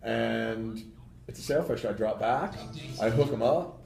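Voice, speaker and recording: Animated man telling fishing stories. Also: medium pitch, unhurried, gravelly, roomy sound, soft background music. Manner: animated storyteller, many fillers. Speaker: fishing guest. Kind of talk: casual radio studio chat. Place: radio studio.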